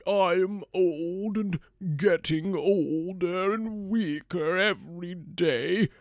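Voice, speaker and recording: A man's voice: sits high, no room sound, clean studio sound, voice pushed up, heavily acted. A man doing a weary old panting dog. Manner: slow, strained, rising whine.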